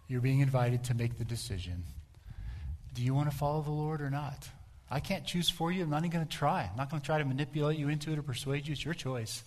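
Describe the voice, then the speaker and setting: A middle-aged man preaching a sermon in a mid-pitched voice. He talks in a relaxed, conversational way. He tells stories and asks his listeners direct questions. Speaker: pastor.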